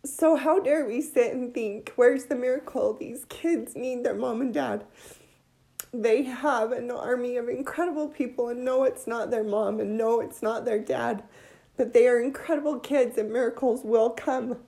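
A woman giving an emotional religious testimony, near tears, heartfelt and halting. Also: fairly high pitch, vocal fry, warm tone.

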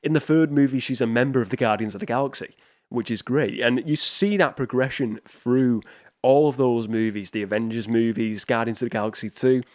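A man's voice: medium pitch, a little fast, a little mellow, no echo, studio quality. A man hosting a solo movie podcast, chatting casually and rambling with restarts and small chuckles. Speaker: podcast host.

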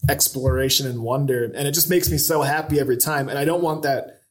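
A man's voice: medium pitch, fast talker. A man co-hosting a casual podcast chat, enthusiastic and rambling with lots of fillers. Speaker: podcast co-host.

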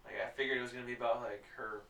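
A man's voice: medium pitch, level tone, rapid-fire, fairly bright tone, distant mic, slight background noise. A man who is a podcast guest, chatting in a laid-back way and laughing often. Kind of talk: casual chat. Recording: echoey room, off-mic.

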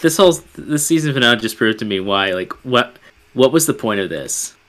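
Bright-voiced sarcastic male co-host. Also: mid-range voice, expressive, brisk. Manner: dry, sarcastic, blunt. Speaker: podcast co-host. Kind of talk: casual chat review.

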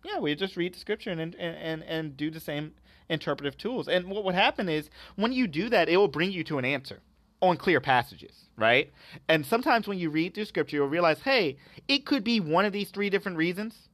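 A man's voice: fairly high pitch, expressive, a little fast, a bit bright, dry recording. A man hosting a podcast, giving religious and political commentary with emphatic rhetorical questions.

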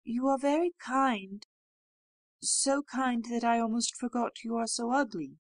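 A woman's voice: a little high, animated, normal speed, darkish tone, dry recording, natural voice. A kind, truthful young heroine from a storybook, speaking earnestly and firmly in a somewhat raised voice, as a woman reader puts her on. The sound is dry and close. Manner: earnest, firm and candid.

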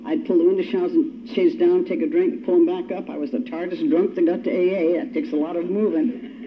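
A woman's voice: fairly low pitch, fairly even intonation, brisk. Wry older woman telling her story. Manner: wry, self-mocking storyteller. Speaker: recovery meeting speaker. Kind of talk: personal testimony talk. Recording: dull lo-fi recording with faint hiss.

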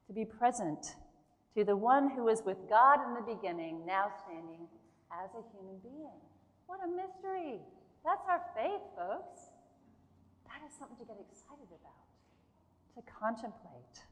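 A woman preaching a sermon in a church, earnest and emphatic, with slow pauses between phrases. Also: on the high side. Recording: long hall reverb.

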